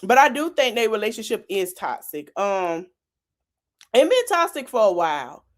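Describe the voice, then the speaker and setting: Lively woman podcaster. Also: medium pitch, normal speed. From South Florida. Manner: animated, laughing, slangy and teasing. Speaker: podcast host. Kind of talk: casual commentary.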